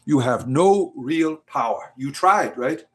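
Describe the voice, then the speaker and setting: A man's voice: medium pitch, animated, takes it slowly, a bit bright. A man hosting a livestream in casual, provocative talk, mocking and taunting his viewers. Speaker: livestream host.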